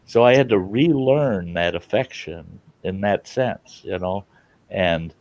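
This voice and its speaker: A man's voice: sits low, expressive, slow, a little mellow, no room sound. A middle-aged man hosting a casual chat, talking earnestly and from the heart. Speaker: channel host.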